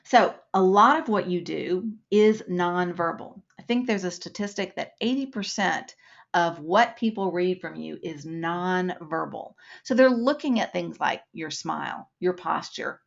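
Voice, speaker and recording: Low gravelly woman teaching a webinar. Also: a little slow, muffled recording. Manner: explains with acted-out examples. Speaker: webinar instructor. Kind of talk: live webinar lesson.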